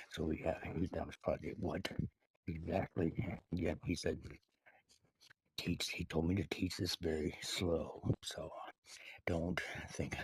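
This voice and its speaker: A man rambling to camera in a halting, mock-earnest monologue full of hesitations, addressed to the president. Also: extremely low pitch, slightly rough, dry recording, rough recording. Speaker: video maker addressing the president.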